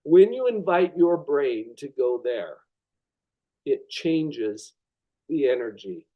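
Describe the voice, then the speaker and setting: A man presenting a motivational web class, expressive and dramatic, pausing deliberately to stress key words. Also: medium pitch, dull audio. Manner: expressive, dramatizes with acted inner thoughts. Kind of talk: motivational lecture.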